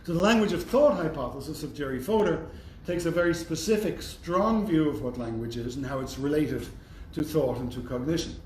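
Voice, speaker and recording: A man's voice: on the high side, brisk, few pauses, darkish tone. A man giving a university lecture in a thoughtful, conversational way with wry asides. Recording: roomy echo, faint background noise.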